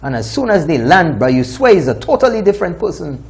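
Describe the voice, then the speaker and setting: A high-voiced man with a Saint Lucian accent hosts a commentary show. His delivery is indignant and scolding, with pitch swinging widely as he makes his points. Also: very animated, quick pace, gravelly. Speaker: talk show host. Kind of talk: opinion commentary.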